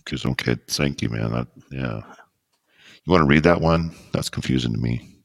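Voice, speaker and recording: A man's voice: rumbling low, normal speed, gravelly, dry recording, clean studio sound. A man hosting a podcast in a casual chat, rambling and joking as he gets sidetracked. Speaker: podcast host.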